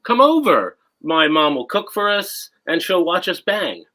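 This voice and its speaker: A man playing as a comedian panelist on a comedy game show, delivering punchlines in a deadpan way. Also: a little high, unhurried.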